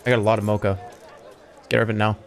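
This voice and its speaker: A man streaming a video game, talking his way through it with sudden yelps, swearing and bursts of excitement, and sometimes reading the game's dialogue aloud. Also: lowish voice, rapid-fire, creaky, a faint crowd, a little hiss or hum. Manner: excitable, swearing, yelps and shouts when things go wrong. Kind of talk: live gameplay commentary.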